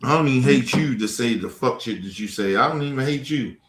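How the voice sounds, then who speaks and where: A man's voice: mid-range voice, a little fast, a bit bright. A man hosting a livestream, confronting trolls in the chat in a heated, profane rant. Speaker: livestream host. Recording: echoey room.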